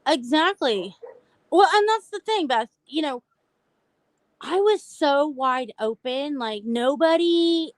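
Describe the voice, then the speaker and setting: A high-pitched woman with no echo on her voice hosts a mental health live stream. She's talkative and candid, telling her personal story and speaking directly to those watching.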